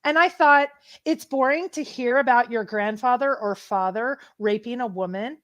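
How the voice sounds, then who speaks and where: Animated woman telling a story. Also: on the high side, normal speed. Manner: emotional, animated retelling with many restarts. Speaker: treasure hunt show co-host. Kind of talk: casual livestream chat, storytelling.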